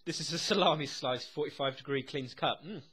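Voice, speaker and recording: Excitable swearing man reacting. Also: a little high, normal speed, slightly rough. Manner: excitable, swears constantly, laughs often. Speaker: TV episode reactor. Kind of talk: live reaction commentary.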